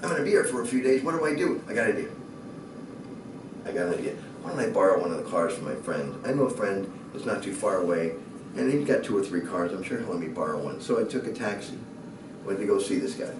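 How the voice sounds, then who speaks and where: Brief: expressive man spinning a funny anecdote, far from the mic in a roomy space with faint background. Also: lowish voice, fast talker, noisy background. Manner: lively, building to excited shouting and laughter. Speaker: speaker. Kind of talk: animated storytelling. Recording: echoey room from a distant mic.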